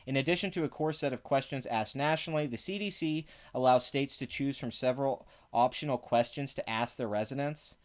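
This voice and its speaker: A man's voice: mid-range voice, a little fast, hardly any pauses. A man giving sarcastic, profane commentary, reading parts of an article aloud between exasperated rants. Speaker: online commentator.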